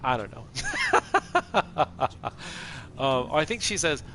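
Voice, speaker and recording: A middle-aged man talks loosely while he plays, rambling from one aside to the next and breaking into laughter now and then. His voice sits at an ordinary pitch and has a bright, forward edge. There is a faint hum of room noise behind him. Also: huge pitch swings, measured pace. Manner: rambling, chatty, laughs often. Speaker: streamer playing a video game. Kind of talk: casual gameplay chat.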